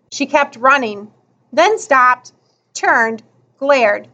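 A woman reads a children's story aloud at an unhurried pace, her high voice rising and falling with expression. The recording is slightly muffled and dull. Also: animated, pushed and bright. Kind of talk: children's book read aloud.

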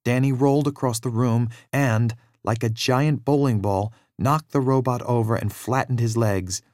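A man narrating a children's adventure story in a measured, expressive read-aloud style, with a very dry sound. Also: mid-range voice, dry recording.

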